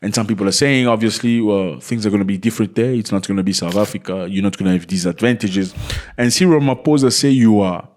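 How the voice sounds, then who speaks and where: A man's voice: lowish voice, fast, a little mellow. A man hosting a casual commentary video, talking to his viewers in a conversational way and throwing rhetorical questions at them. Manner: addresses viewers as fellas. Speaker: commentary channel host.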